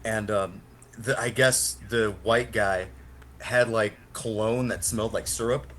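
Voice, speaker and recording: With a fairly low, fairly bright voice and fairly even intonation, a young man speaks a little slowly as he co-hosts a podcast. He wanders through a lengthy story in casual chat, cursing a lot and laughing often.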